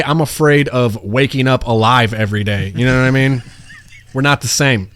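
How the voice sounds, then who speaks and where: A young man in casual podcast banter, telling self-mocking jokes in a deadpan way. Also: medium pitch, moderate pace, soft background music. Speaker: guest.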